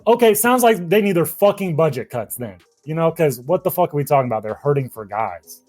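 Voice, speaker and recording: A man's voice: fairly high pitch, lively intonation, brisk, a little mellow, soft background music. Heated, profane male activist. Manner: passionate, gets emotional. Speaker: activist guest. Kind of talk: casual interview talk.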